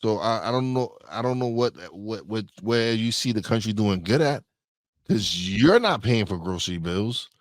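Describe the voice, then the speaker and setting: A blunt man co-hosting a podcast, speaking in slang and repeating words to press his point. His voice sits fairly low. The sound is dry and close, with no room echo. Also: animated, normal speed. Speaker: podcast co-host. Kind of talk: casual political chat.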